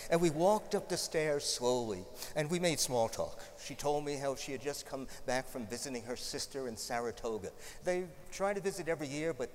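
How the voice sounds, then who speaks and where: A man's voice: mid-range voice, long reverb tail, slight background noise. A male preacher giving a sermon, telling stories in a conversational way with light humorous asides.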